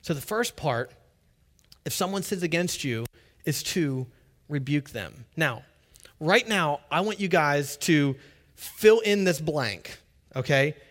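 A man preaching a sermon as pastor, conversational and animated, acting out little quotes. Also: fairly high pitch, takes it slowly, pauses often.

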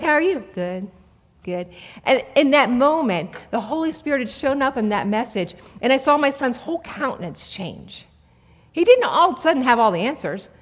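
A woman in her forties preaching a sermon in a conversational, animated way to an audience in a large hall. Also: high voice. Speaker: speaker at a church. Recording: long reverb of a large hall.

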